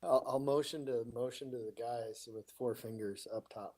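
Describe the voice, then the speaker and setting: A man playing a tabletop game over voice chat, talking in a relaxed, conversational way. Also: mid-range voice, normal speed. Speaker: player.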